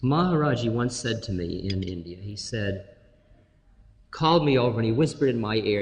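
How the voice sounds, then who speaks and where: A man giving an informal spiritual talk to an audience, telling stories with humor and slow, drawn-out phrases. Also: fairly low pitch, animated. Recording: reverberant hall, faint noise.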